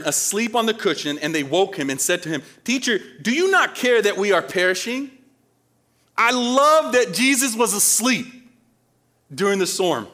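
A pastor with a high-sitting voice preaches an animated sermon, acting out panicked voices and asking the audience questions. His volume swings from loud to quiet.

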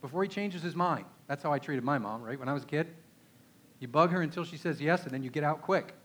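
A man with a Texan accent delivers a sermon in an easy, talking style. His voice sits slightly high, and he leans on key words and checks in with his listeners through quick questions. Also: fairly bright tone. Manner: conversational, emphatic, asks the audience rhetorical questions. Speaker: pastor.

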